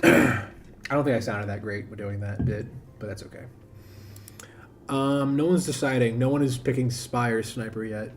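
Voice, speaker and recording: A man's voice: mid-range voice, moderate pace, background noise. A man streaming a game, chatting casually and thinking aloud, often restarting his sentences. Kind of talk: casual live-stream chat.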